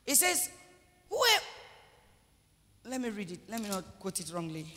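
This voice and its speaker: High-voiced pastor in an echoing church. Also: male voice, animated, fast, slight background noise. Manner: emphatic preaching, repeats phrases, rises to shouts. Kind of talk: sermon. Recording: long church hall reverb.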